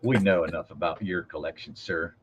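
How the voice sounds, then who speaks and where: An American co-host from the United States with a low, husky voice talks fairly quickly on a livestream. Over a video call he jokes and teases in casual banter, and the audio is lo-fi.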